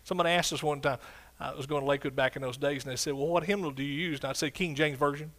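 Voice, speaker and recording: A man's voice: on the high side, fairly even intonation, a bit bright. An older man preaching a sermon in a church, exuberant and punctuated with hallelujahs and whoops. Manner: sings scripture in a slow drawn-out way. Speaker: pastor. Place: church sanctuary.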